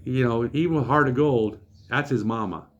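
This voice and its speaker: A man hosting his own channel, telling a story in a casual, animated and joking way with a folksy manner. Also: mid-range voice, moderate pace, muffled recording.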